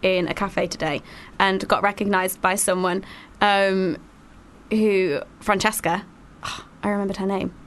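A woman's voice: mid-range voice, steady tone, a little slow, a little hiss or hum. A woman hosting a radio show in a studio, chatting casually and laughing often.

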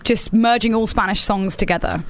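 A woman's voice: medium pitch, normal speed, a little hiss or hum. Chatty woman radio host. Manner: chatty, teasing, laughs often. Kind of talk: casual on-air banter.

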